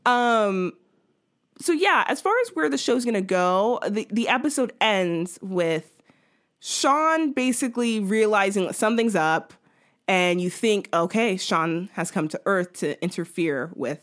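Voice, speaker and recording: A woman talking through a TV episode in relaxed conversation. She rambles along with plenty of fillers and small laughs, at a middle pitch. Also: unhurried. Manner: chatty, many fillers, laughs while talking. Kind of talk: casual chat recapping a TV episode.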